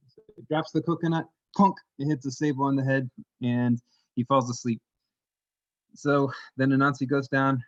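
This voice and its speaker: A man's voice: mid-range voice, no echo. Folksy male storyteller, dull dry sound. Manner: animated, folksy, with asides. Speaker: worship leader telling a story. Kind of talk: casual storytelling to a congregation.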